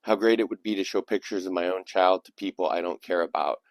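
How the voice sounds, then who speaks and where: Male host, deep voice, close dry sound; reads submitted poetry and drifts into reflective asides. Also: fast, few pauses, no room sound. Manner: reflective, digressive. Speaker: channel host. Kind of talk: casual commentary and poetry reading.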